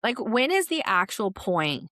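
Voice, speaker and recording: A young woman hosting a podcast, chatting casually about reality TV in an animated, filler-heavy way. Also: medium pitch, a little slow, no echo, studio quality. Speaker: podcast host. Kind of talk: solo pop culture commentary.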